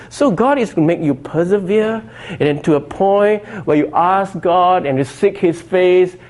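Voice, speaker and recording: Man, middle-aged, pastor, sermon, conversational, fairly high-pitched. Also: darkish tone. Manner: conversational preaching, frequent 'you know' and 'okay'.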